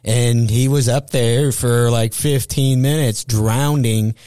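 A man's voice: medium pitch, slow, clear, resonant tone, no echo, clean studio sound. A middle-aged man, a stand-up comedian, telling stories in a casual podcast chat, swearing often and acting out what people said. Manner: profane, animated storyteller acting out quotes.

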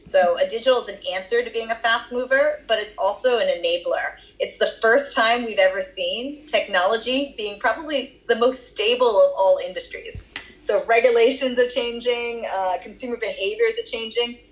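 A woman's voice: fairly high pitch, moderate pace, low-quality recording. A woman with a Boston accent answering interview questions about her research, explaining at length with occasional fillers. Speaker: research guest.

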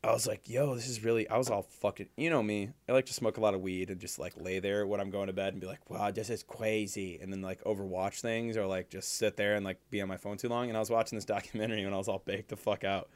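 Swearing, animated young man telling a story. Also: fairly low pitch, fast, few pauses. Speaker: podcast co-host. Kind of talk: casual chat.

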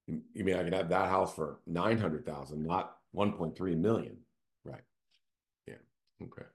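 A man with a somewhat low voice hosts his own show. He talks in a relaxed storytelling way and keeps checking in with his listeners. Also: moderate pace. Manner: conversational, often checks in with "right?". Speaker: real estate team CEO hosting a show. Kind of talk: casual storytelling monologue.

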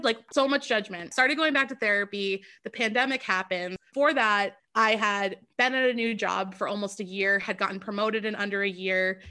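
A woman's voice: mid-range voice, fairly even intonation, moderate pace, few pauses, sharp tone, smooth. A young woman, a podcast guest, talking openly and earnestly in a candid interview, with lots of "like". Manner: earnest and open, fills with "like".

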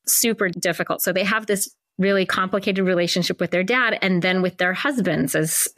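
A woman's voice: on the low side, a little fast, fairly bright tone. A woman hosting a podcast, speaking in a thoughtful, affirming, reflective way. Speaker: podcast host. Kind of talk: casual conversation.

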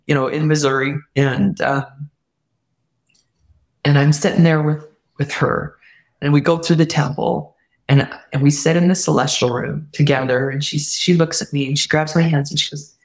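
A woman guest telling a personal story earnestly, often quoting what others said, and reflecting warmly on faith. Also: deep voice, steady tone, moderate pace. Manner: earnest, heartfelt retelling with quoted dialogue; warm spiritual reflection. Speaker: podcast guest.

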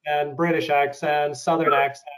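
A man interviewing and sharing his acting experiences, thoughtful and hesitant with many pauses. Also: on the high side, level tone, crowd noise, low-quality recording. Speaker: interviewer and actor. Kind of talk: casual interview.

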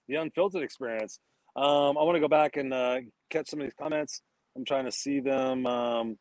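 A man at an average pitch hosts the show in a laid-back way, reading viewer comments aloud. The sound is dry and close, with no room around it. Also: normal speed, no echo. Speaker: host. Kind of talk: casual live-stream chat.

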